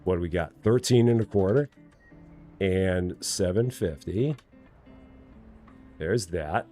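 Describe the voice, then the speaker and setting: A man in his forties streaming a game live, chatting with viewers in a lively, joking way at a desk mic. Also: low-pitched, slow pace, soft background music. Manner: lively, talking to chat, jokingly challenging; hums and scats while working. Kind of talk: live gameplay chat.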